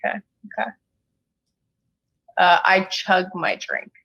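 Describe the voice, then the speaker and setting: A woman playing a character in a tabletop game, brash and playful, and quick to swear. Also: lowish voice, sing-song, creaky, a bit bright, rough recording. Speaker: player.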